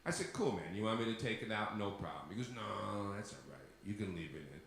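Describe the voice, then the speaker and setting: A man's voice: on the low side, lively intonation, brisk, creaky, a bit bright, very echoey, slight background noise. A man telling a comic story on stage, swearing freely, acting out the people he quotes and laughing at his own punchlines. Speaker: solo stage performer.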